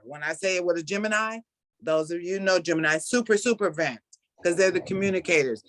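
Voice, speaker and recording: A middle-aged woman hosting a casual video call chat, speaking warmly about a spiritual practice and laughing often. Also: on the low side, brisk, no echo. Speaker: host.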